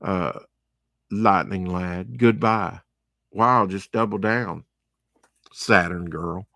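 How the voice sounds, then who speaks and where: A man's voice: deep voice, slow pace, vocal fry, pushed and bright, no room sound, clean studio sound. A man giving casual, rambling commentary while unboxing comic books, with chatty, opinionated asides. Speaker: comic book vlogger.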